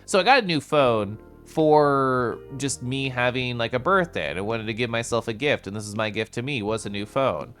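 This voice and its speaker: A man streaming a casual chat with viewers, with playful sing-song intonation and drawn-out syllables, sometimes sinking into soft, quiet murmurs. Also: medium pitch, faint music behind. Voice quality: comfy, distinctive voice. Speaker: livestreamer.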